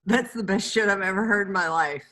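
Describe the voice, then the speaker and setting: A woman's voice: medium pitch, a little fast, background noise. A woman co-hosting a podcast in casual chat, blunt and casually profane.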